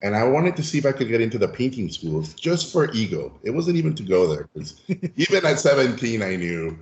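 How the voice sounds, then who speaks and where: A man from Mexico, a podcast guest telling anecdotes in a lively, animated way and acting out the people in them. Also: medium pitch, a little fast. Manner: lively storyteller who acts out voices. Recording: roomy, dull lo-fi sound.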